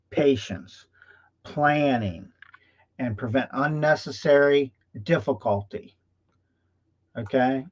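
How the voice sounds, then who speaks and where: A man's voice: medium pitch, animated, slow pace, darkish tone. A male host tells a folksy motivational story in a live stream, often checking in with "okay?", recorded in dull lo-fi livestream audio.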